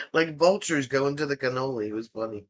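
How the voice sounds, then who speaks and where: A man hosts a casual livestream, answering viewers, teasing them playfully, and jumping from topic to topic. His voice is medium-pitched and a bit bright.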